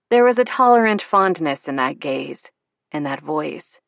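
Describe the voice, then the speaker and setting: A woman reading a romance audiobook in an expressive, measured storytelling manner. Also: low-pitched, gravelly, dry recording. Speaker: audiobook narrator. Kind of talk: scripted narration.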